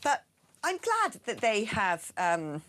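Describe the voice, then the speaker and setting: Lively chatty woman presenter. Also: medium pitch, slow pace. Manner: breezy, playful, chatty. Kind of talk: casual studio chat.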